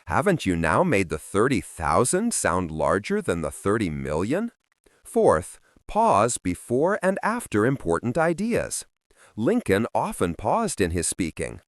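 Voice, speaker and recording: A man's voice: on the low side, huge pitch swings, unhurried, dry recording, studio quality. A man narrating a self-help audiobook in an emphatic, instructional reading style.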